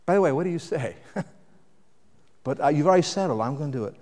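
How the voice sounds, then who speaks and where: Male pastor, slightly high voice, dynamic sermon delivery, reverberant church hall. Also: expressive, quick pace. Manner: dynamic, swings between loud emphasis and quiet reflection.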